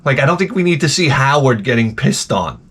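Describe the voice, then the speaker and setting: A man's voice: medium pitch, expressive, a little fast, fairly bright tone, husky. A man hosting a casual talk show, rambling and ranting crudely, often slipping into mocking voices. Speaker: podcast host. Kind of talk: rambling profane casual chat.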